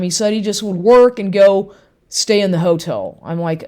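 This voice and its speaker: Woman in a casual monologue, quotes both sides of an old argument, swears a lot, mid-pitched voice. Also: normal speed. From Texas. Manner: animated, quotes people, swears, repeats herself; acts out both sides of a conversation. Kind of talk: casual storytelling rant.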